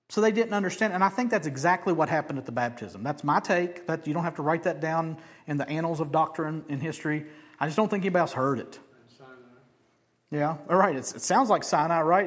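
Dynamic preacher swinging from hush to loud. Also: male voice, on the high side, animated, a little fast. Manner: conversational, jokey asides. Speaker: pastor. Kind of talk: sermon.

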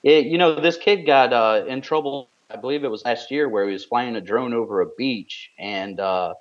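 A man's voice: medium pitch, normal speed, lo-fi sound. A man co-hosting a podcast in casual chat, telling stories in a wry way. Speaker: podcast co-host.

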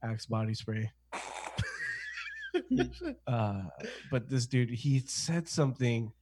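A man's voice: mid-range voice, fairly even intonation, slow pace, a little mellow. A man casually telling a long, profane story in a group chat, often slipping into slangy quoted voices.

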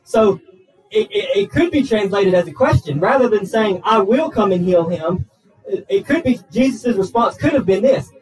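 A man's voice: high voice, animated, normal speed, darkish tone, distant mic, soft background music, rough recording. A man, a pastor preaching a sermon in a church, talking earnestly and often restarting and repeating words. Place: church sanctuary.

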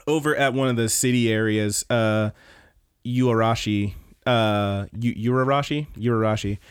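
A man's voice: fairly low pitch, fairly even intonation, a little slow, smooth. A man co-hosting a podcast, recapping anime episodes in a rambling, joking way with fillers and swearing. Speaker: podcast co-host.

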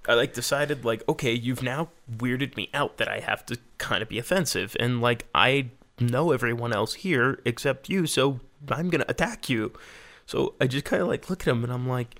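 A man's voice: mid-range voice, moderate pace, fairly bright tone. A man telling a story in casual chat, rambling and swearing, with lots of "like" fillers. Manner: rambling, profane, heavy use of "like".

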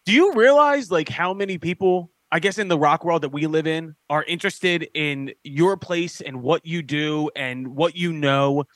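Joking, swearing Philly podcast host. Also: male voice, on the high side, fairly bright tone, no room sound. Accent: Philadelphia. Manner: swearing, joking, quick laughs. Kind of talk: casual podcast chat.

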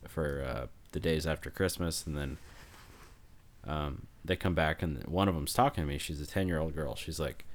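Very low-voiced laid-back man. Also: moderate pace. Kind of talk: casual chat.

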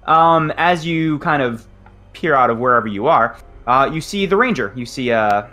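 A man's voice: medium pitch, lively intonation, normal speed, bright, forceful tone, soft background music. A man narrating as game master for a tabletop game, hesitant and full of ums as he describes each scene.

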